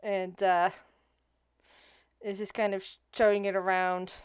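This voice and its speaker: A woman's voice: mid-range voice, flat delivery, clear, resonant tone, no room sound, studio quality. A woman narrating as game master of a tabletop game, describing scenes with frequent restarts. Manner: halting, restarts mid-phrase while describing scenes.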